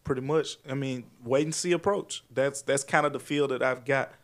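An easygoing man guests on a podcast, chiming in with agreement and laughing often. His pitch sits in the middle for a man, and his delivery stays steady and conversational. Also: moderate pace. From Memphis. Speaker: guest reporter. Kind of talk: casual chat.

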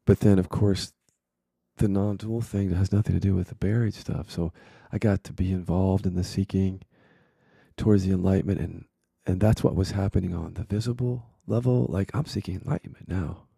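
A man's voice: deep voice, steady tone, moderate pace, vocal fry, mellow, slightly rough, dry recording, studio quality. A man, a spiritual teacher, telling his own story in a candid, reflective monologue with frank swearing.

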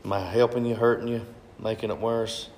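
A man's voice: fairly low pitch, steady tone, brisk, a little mellow, echoey room, slight background noise. A man preaching a sermon, repeating phrases and asking the congregation questions.

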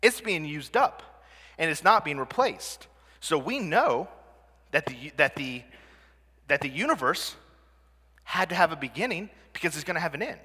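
A man with a bright, forceful and slightly high voice gives a presentation to a live audience. He talks in a conversational way and keeps checking in with his listeners through questions. His voice rings with the long reverb of a hall. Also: big pitch swings, moderate pace, long pauses, breathy edge.

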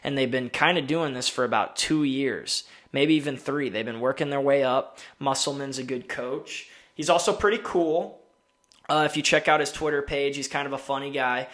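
Man, podcast host, casual sports talk, opinionated, rambling, self-interrupting, mid-pitched voice. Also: moderate pace, a bit bright. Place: home in winter city.

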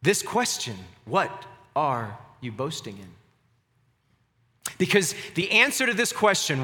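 A male pastor preaching in an earnest, emphatic way, often repeating words to stress a point. His voice is bright and fairly high for a man. A long reverb hangs around it, as in a church sanctuary. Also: sing-song, slow. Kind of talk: sermon.

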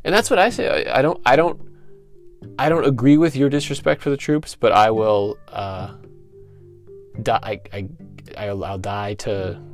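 Guy hosting a podcast, gravelly voice, stumbles and repeats words a lot, faint guitar behind him. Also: mid-range voice, fairly even intonation, normal speed. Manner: rambling, stammering, repeats words. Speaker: podcast host. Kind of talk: comedic podcast monologue.

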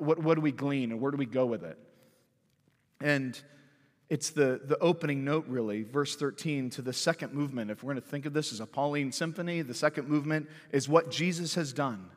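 A man preaching a sermon as pastor, emphatic, rising to loud declarations and dropping low again. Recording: long hall reverb.

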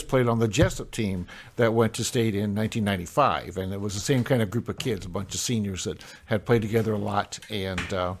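Older male co-host, relaxed and chatty, casual hometown podcast talk. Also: fairly low pitch. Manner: easygoing, chatty, many uh fillers. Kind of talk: casual local podcast chat.

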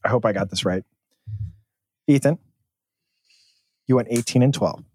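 A man's voice: mid-range voice, a little slow, darkish tone, breathy edge, dry recording. Male podcast co-host, casual joking sports banter, dry close sound.

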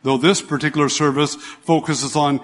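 A man preaching in a church sanctuary, his slightly high voice carrying with a long hall reverb. He repeats key phrases for emphasis and throws rhetorical questions at the congregation. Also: fairly even intonation, normal speed. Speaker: pastor. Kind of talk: sermon.

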